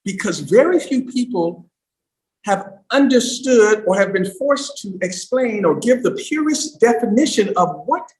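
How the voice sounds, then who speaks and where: A man giving an emphatic livestream talk as a storytelling coach, swinging from loud bursts to hushed asides. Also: very high voice, roomy sound, poor audio.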